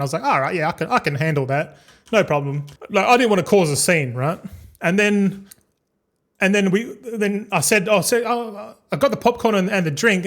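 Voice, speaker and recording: A young man telling a long, rambling story as a streamer, repeating words and swearing casually. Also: sits high.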